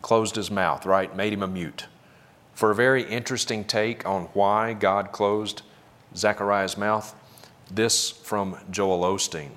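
Low-voiced critical male pastor. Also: fairly even intonation, measured pace, a bit bright. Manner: sarcastic, critical, emphatic. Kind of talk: sermon commentary.

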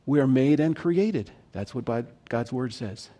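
A man's voice: medium pitch, animated, a little slow, dark tone. A man preaching a sermon, speaking conversationally and posing questions to his listeners. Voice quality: conversational, asks the audience questions. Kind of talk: sermon teaching.

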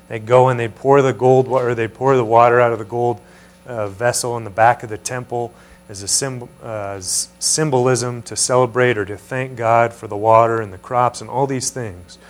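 Male preacher, teaching sermon, conversational, questions to the room, mains hum under the voice. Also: mid-range voice.

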